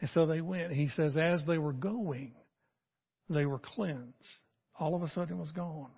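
An older man preaching a sermon as a pastor, telling the story in an animated way and acting out the voices in it. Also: on the high side, measured pace, gravelly, breathy edge, in a large hall, highs cut off.

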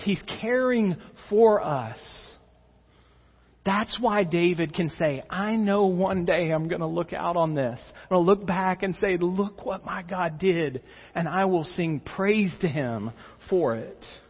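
Male pastor, slightly higher pitch, earnest sermon delivery, slow and deliberate. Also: breathy edge. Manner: earnest preaching, rising with emphasis and dropping to soft intensity. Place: church sanctuary. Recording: dull reverberant church recording.

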